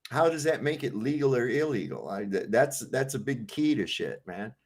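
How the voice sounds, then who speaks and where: A man's voice: medium pitch, animated, moderate pace. A man hosting a casual online panel chat, laid-back and swearing, who acts out comedy scenes in put-on voices. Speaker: panel host. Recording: online call audio.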